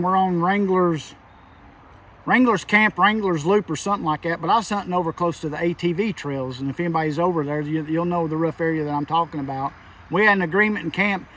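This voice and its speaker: Guy telling a scary hunting story, pretty high voice, talks kinda tense, sounds a bit far off the mic. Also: fairly even intonation, fairly quick, a bit bright, a little hiss or hum. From Kentucky. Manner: rural dialect, tense and emphatic. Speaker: hunter telling an encounter. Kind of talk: casual storytelling. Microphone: phone call.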